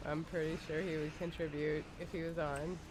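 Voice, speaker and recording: A podcast co-host with a low voice speaks in a level tone at a moderate pace over a noisy background. She chats casually and giggles while playing a game on a livestream, using lots of fillers.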